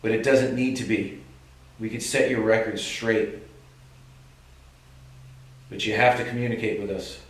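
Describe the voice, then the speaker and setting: Boston guy doing a ghost hunt, calm and coaxing, really echoey room, mic kinda far off. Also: on the low side, a little slow, pauses often. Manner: calm, coaxing, earnest, addressing an unseen presence. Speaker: paranormal investigator. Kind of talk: calling out to a spirit in a ghost hunt. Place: old building at night, indoors. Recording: very echoey room, distant mic, faint hiss.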